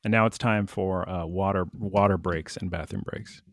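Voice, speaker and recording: A man's voice: deep voice, fairly even intonation, normal speed. A man co-hosting a podcast, recapping an episode in casual chat and slipping into little character voices. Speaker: podcast co-host.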